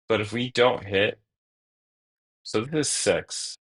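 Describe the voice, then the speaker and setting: His voice is lowish and fairly bright, and he goes slowly with long pauses. He's a young man playing a card game on stream, musing aloud, cracking jokes, swearing occasionally, and muttering to himself.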